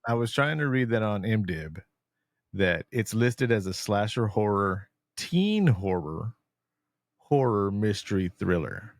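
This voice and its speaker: Blunt, ranting man with a low voice. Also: very animated, unhurried, no room sound, studio quality. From San Antonio, Texas. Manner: ranting, blunt, swears freely. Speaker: podcast co-host. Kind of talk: casual chat.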